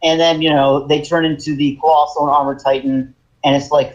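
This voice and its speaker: A man's voice: a little high, a little fast. Man recapping scenes on a dull lo-fi mic. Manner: relaxed storyteller, recaps scenes. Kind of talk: casual podcast chat. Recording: dull lo-fi sound.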